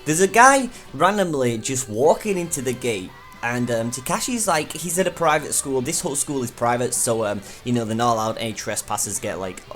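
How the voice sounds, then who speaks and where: A man's voice: mid-range voice, lively intonation, a little fast, a bit bright. Young male reviewer, casual and eager, lots of fillers, faint music bed. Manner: chatty and enthusiastic, many fillers. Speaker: anime reviewer.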